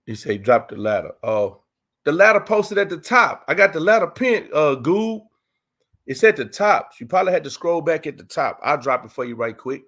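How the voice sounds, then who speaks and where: A man's voice: a little high, sing-song, moderate pace, fairly bright tone. A man with a Texas accent hosting a casual livestream Q and A, talking loose street slang with lots of "you know what I'm saying". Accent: Texan. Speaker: livestream host.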